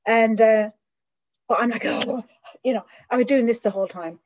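A middle-aged woman giving a candid personal recovery talk, animated and acting out the voices of people she quotes. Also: on the high side, normal speed, poor audio. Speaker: recovery speaker.

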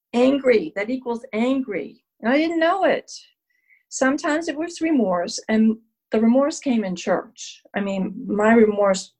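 Husky-voiced woman, candid personal share at a recovery meeting, self-deprecating humor. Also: medium pitch, darkish tone, poor audio. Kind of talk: personal sharing at a support meeting.

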